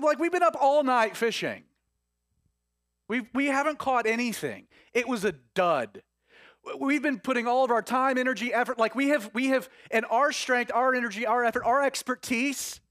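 Male pastor, casual chatty sermon, high voice, dry close sound. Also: normal speed, no room sound. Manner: animated, conversational, laughing asides.

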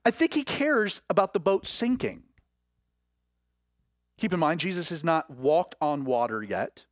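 A man preaching a sermon in an animated way, acting out the voices he quotes. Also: fairly high pitch, measured pace, dry recording, clean studio sound.

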